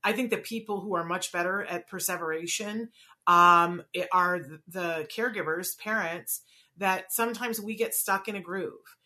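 A woman's voice: fairly low pitch, normal speed. A woman hosting a conversation, a parent speaking candidly and with animation, asking questions and sharing her own experience. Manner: animated, candid, self-deprecating. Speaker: host, parent. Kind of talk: casual chat.

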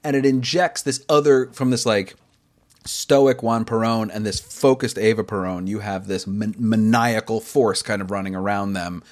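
A man hosting a podcast in casual chat, enthusiastic and quick to laugh, rambling through his points. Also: on the low side, steady tone. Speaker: podcast host.

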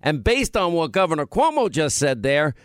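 A man's voice: on the high side, sing-song, normal speed, smooth, no echo. A middle-aged man hosting a political talk radio show, emphatic and scoffing as he argues his point into a studio microphone. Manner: emphatic, scoffing, mocks opponents.

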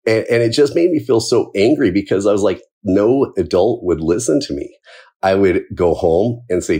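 A man's voice: sits low, fairly quick, warm tone, breathy edge. A man from Southern California, a firefighter, telling his own life story in a casual, candid way and chuckling between points. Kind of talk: personal storytelling.

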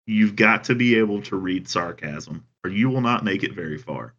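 Man, Southern American accent, deadpan casual chat, lowish voice, dull recording. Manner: dry, deadpan storytelling with drawn-out phrases. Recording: dull lo-fi sound.

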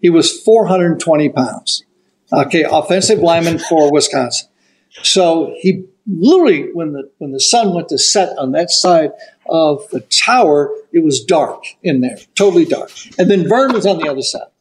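High-voiced older man telling a story. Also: moderate pace, rough recording. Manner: animated raconteur, acts out quotes. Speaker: golf broadcaster telling a story. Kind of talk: casual storytelling.

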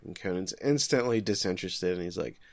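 Animated man recapping an episode. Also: low-pitched, gravelly, dry recording. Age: 30s. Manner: animated storytelling with quick acted-out quotes. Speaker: podcast co-host. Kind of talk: casual podcast recap.

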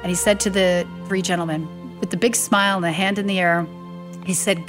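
Middle-aged woman, lower voice, lively storyteller who acts out dialogue, faint music underneath. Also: a little fast. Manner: animated storyteller acting out quoted dialogue. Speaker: guest telling her late father's story. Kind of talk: storytelling interview.

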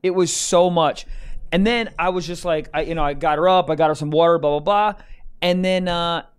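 A man's voice: fairly high pitch, fairly even intonation, fairly quick, clear, resonant tone. A young man co-hosting a podcast, chatting loosely and joking with plenty of swearing. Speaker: podcast co-host. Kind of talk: casual chat.

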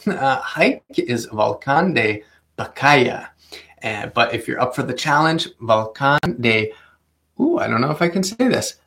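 Gravelly-voiced man giving chatty travel tips. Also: mid-range voice, fairly bright tone. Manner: chatty, with fillers, careful over Spanish names. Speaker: travel vlogger. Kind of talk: casual travel guide talk.

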